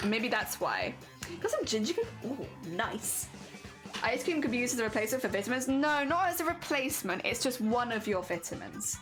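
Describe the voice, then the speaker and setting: A woman's voice: a little high, big pitch swings, moderate pace, a bit bright, soft background music. A British woman chatting casually on a live stream, playful and giggly as she reads and answers chat. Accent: British English. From Britain.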